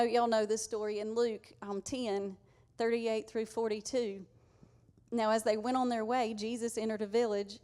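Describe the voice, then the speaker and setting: A woman's voice: a little high, mellow. A woman preaching a conversational, earnest sermon to her congregation. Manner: conversational, earnest, uses y'all.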